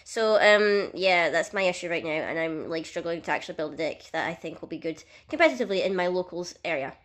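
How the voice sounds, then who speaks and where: A woman's voice: lowish voice, expressive, fast talker. A young woman vlogging casually in a chatty, self-mocking and dramatic way. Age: young adult. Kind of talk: casual comedic vlog.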